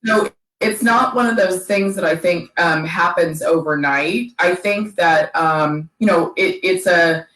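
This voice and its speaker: Slow halting woman in an echoey room. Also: lowish voice, fairly bright tone. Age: middle-aged. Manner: halting, many fillers and restarts. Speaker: guest. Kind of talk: casual interview chat.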